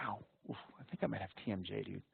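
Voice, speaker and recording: A man's voice: on the low side, fast, gravelly, husky. A man teaching an interview prep class online, talking casually and bluntly, swearing now and then and calling on students by name. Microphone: video call. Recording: tinny dry call audio.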